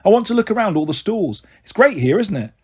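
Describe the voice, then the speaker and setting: A woman's voice: mid-range voice, big pitch swings, quick pace, a little mellow, breathy edge, voice pushed up. A man voicing a young mother with a snappy, bossy manner. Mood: impatient. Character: cross, flighty young mum, sharp-tongued.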